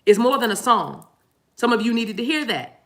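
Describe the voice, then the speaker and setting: A woman's voice: a little high, normal speed. A woman giving a spiritual tarot talk to her viewers in a preacher-like way, playful and repeating phrases for emphasis. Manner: animated, preacher-like delivery.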